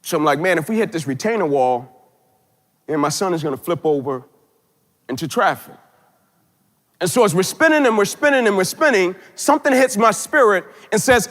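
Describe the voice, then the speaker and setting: High-voiced guy giving a motivational speech, big and loud then quiet, lots of hall echo. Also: very animated, moderate pace. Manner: swings from loud emphatic peaks to hushed low tones. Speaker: motivational keynote speaker. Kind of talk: dramatic storytelling speech.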